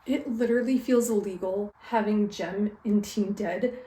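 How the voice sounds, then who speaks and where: A woman's voice: mid-range voice, fairly even intonation, measured pace, dark tone, reverberant, low-quality recording. A young woman vlogger recapping a book in a casual, dramatic way, with exaggerated outbursts.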